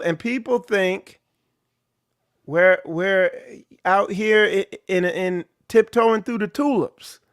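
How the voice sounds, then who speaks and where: High-voiced guy preaching loose and blunt, dry close sound. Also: dry recording. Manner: blunt, animated preaching with laughs. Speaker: ministry leader. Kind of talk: informal sermon.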